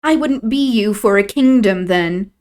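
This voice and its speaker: A woman reading aloud, voicing a proud, sharp-tongued young lady of the house in a raised, emphatic voice. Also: fairly high pitch, lively intonation, normal speed, pitched above the performer's own voice, close to an everyday voice. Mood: scornful. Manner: scornful, emphatic.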